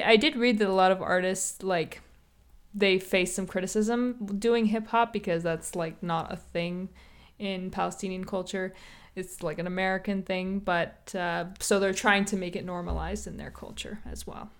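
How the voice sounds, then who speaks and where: A woman's voice: medium pitch, fairly even intonation, moderate pace. A woman hosting a podcast, chatting casually and explaining a topic with lots of fillers and asides. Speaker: podcast host.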